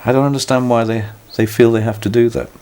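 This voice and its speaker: Here an older British musician talks quickly in a mid-range, dark, steady voice. The interview is reflective and conversational; he sounds thoughtful and wryly self-mocking, frequently restarting his sentences.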